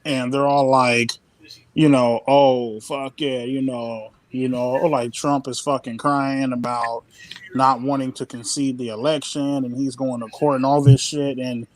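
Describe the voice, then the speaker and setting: A man's voice: medium pitch, flat delivery, unhurried. A man from the United States talking on a live stream from someone else's home, swearing heavily and using loose slang. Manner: profane and slangy, heavy swearing, calls people "dude" and "dog". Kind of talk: casual chat on a live stream.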